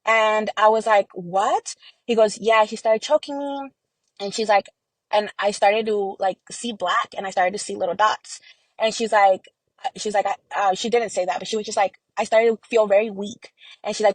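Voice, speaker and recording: A woman's voice: medium pitch, level tone, normal speed, no echo, low-quality recording. A young adult woman giving an earnest personal account in an interview, full of fillers and quoted dialogue. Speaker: interview guest.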